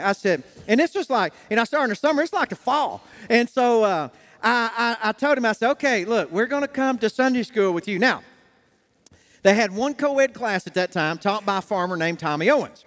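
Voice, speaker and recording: A man's voice: very high voice, a bit bright. A man preaching a sermon as pastor, telling a folksy personal story and acting out the dialogue. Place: church sanctuary. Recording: long church hall reverb.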